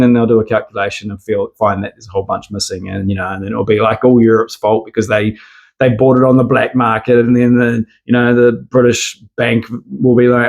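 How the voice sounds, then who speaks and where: A man's voice: fairly low pitch, little pitch movement, brisk, vocal fry, darkish tone. Aussie guy ranting on camera, swears a lot, rambly and sarcastic. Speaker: commentator. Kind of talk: casual opinion monologue.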